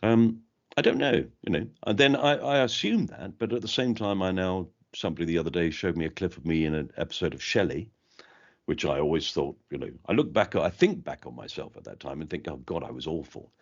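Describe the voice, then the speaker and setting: Deep-voiced older man, posh English accent. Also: lively intonation, a little fast. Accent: trained posh English. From London, England. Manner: reflective, rambling with many restarts. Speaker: interview guest, comedy actor. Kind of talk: casual chat. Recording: dull lo-fi sound.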